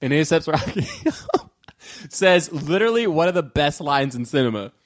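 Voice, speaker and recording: A man's voice: a little high, normal speed. A man co-hosting a podcast, chatting casually about a film and acting out its lines with lots of laughter. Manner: animated, acts out movie lines, laughs a lot. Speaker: podcast co-host.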